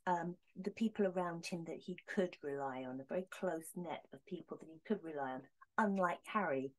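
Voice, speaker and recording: Low-voiced woman giving a rambling tarot reading. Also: normal speed. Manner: hesitant, rambling, with frequent fillers. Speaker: tarot reader. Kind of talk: casual tarot reading to camera.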